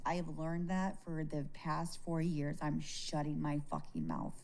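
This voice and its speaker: Slow, mellow-voiced woman streamer. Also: low voice, big pitch swings. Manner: candid, swears freely, laughs at herself; halting, restarts often. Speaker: livestreamer. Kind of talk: casual live stream talk to viewers.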